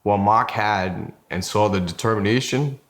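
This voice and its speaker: A man speaking about his brother in a documentary interview, slow and emotional. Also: fairly low pitch, fairly bright tone. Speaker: player's brother.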